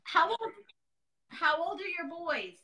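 A woman's voice: extremely high pitch, lively intonation, takes it slowly, pushed and bright, poor audio. A woman in her thirties, a guest painter chatting casually on a live demo, joking and telling stories. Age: 30s.

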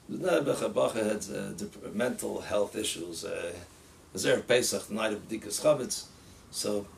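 A male rabbi tells stories in a lively, animated voice. His tone is gravelly, and he often laughs and acts out the voices of the people he quotes. He sounds set back from the microphone, faint room noise behind him. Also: on the low side. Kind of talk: casual storytelling. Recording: distant mic with faint ambient noise.

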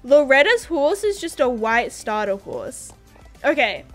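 Bubbly high-voiced Australian woman streamer. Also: sing-song, unhurried, a bit bright, faint music behind. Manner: bubbly, scattered, giggly, lots of "like". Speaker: game streamer. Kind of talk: casual livestream chat, reading viewer comments.

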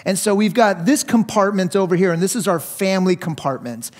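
Male lead pastor, high-pitched voice, lively conversational sermon delivery, jumps into acted quotes. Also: fairly quick. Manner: animated, acts out quotes with jumps in pitch and volume; conversational, with restarts and light laughter. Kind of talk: sermon with storytelling.

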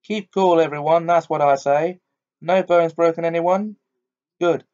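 A man reading aloud voices a kind, steady cabman with a firm, hearty way of talking. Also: fairly high pitch, a little slow, pitched above the performer's own voice, close to an everyday voice. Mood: steady reassuring. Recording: dull lo-fi recording.

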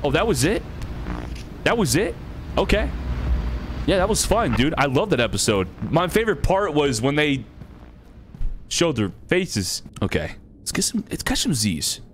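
Lively, swearing young man playing a game. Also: on the high side, normal speed, long pauses, slight background noise. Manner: excitable, swears freely, laughs often, reads game text aloud. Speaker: gaming streamer. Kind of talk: casual game commentary.

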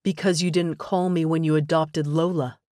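A loyal young male best friend, coaxing and blunt as he gives advice, voiced by a woman reading an audiobook. The voice sits low and sounds dry and close. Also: moderate pace, dry recording, close to an everyday voice. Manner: steady, coaxing and frank.

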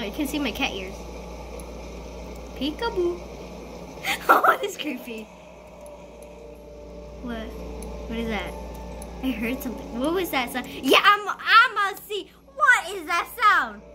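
A woman playing a school role-play game, talking excitedly through it and bursting into shrieks and giggles. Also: high voice, background noise. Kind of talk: playful gameplay commentary.

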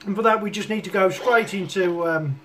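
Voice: medium pitch, a little fast, a bit bright, slight background noise. A retro gaming host who gives casual, chuckling commentary on his own play and often laughs at himself. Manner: chuckling often, self-mocking. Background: chiptune game music.

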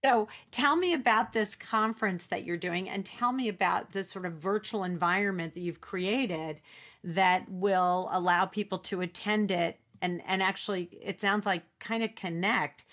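A woman hosts a relaxed interview and encourages her guest at every turn. She sums up what she hears and gently asks follow-up questions. She sounds as if she is speaking over a video call. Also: medium pitch, normal speed. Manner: encouraging, with frequent affirming backchannels. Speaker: interview host. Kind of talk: casual interview.

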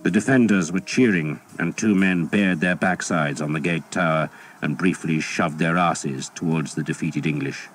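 A deep-voiced man narrates an audiobook in a steady, measured way. A faint hiss sits under his reading.

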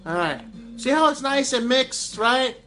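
A man with a very high, sharp voice and lively intonation takes his time hosting a casual home cooking video, rambling and joking crudely at viewers. The camera picks him up from a distance in the echoey kitchen, with faint music playing in the home.

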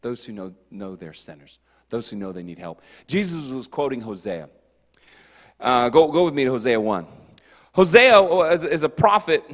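A youth pastor with a high, light voice, preaching in a lively, joking way. His talk rings out with a long reverb in a church hall. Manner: animated, jokey, puts on quick character voices. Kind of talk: casual youth sermon.

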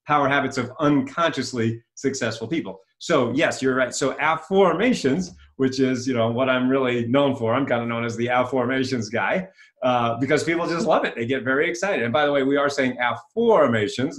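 A man speaks as a self-help coach being interviewed, enthusiastic and self-promoting. His voice sits at an ordinary middle pitch, and he circles back over his own phrases while explaining. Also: fairly quick, fairly bright tone.

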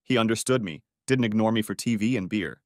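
A man's voice: fairly low pitch, a little fast, no room sound, clean studio sound, close to an everyday voice. A man voicing an angry, defensive wife in an audiobook story, shrieking and indignant. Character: angry betrayed wife, shrill and accusing.

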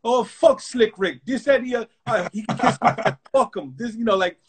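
A man putting on the voice of a loud, arrogant male record label executive, husky and brash. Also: sits high, animated, fairly quick, pitched above the performer's own voice. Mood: dismissive. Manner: brash, dismissive and shouty.

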